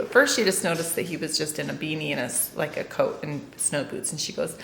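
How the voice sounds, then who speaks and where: A woman's voice: lowish voice, moderate pace, gravelly. A middle-aged woman telling a rambling story to camera in a casual vlog, with many fillers. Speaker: family vlogger. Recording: roomy sound with faint noise.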